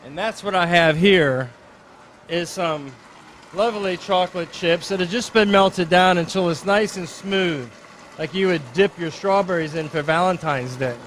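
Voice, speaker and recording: A high-voiced middle-aged chef cooks live for a dinner event crowd, with slight background noise. He's upbeat and talkative, narrating each step as he works.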